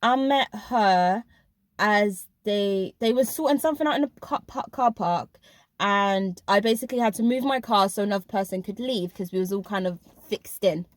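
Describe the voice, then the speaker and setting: A vlogger recounts a school job she once had, telling the story casually in a mid-range voice at a moderate pace. She's emphatic and talks directly to her viewers, with no room sound in the recording.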